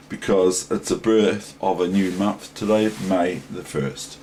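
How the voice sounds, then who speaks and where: Slow, deep-voiced New Zealand chess teacher. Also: male voice, darkish tone, slight background noise. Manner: rambling, digressive, thinking aloud. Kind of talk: casual chess lesson.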